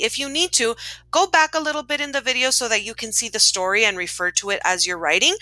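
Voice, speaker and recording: A woman teacher recording a voice-over lesson who explains steps clearly and encouragingly. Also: medium pitch, pushed and bright, no echo, low-quality recording.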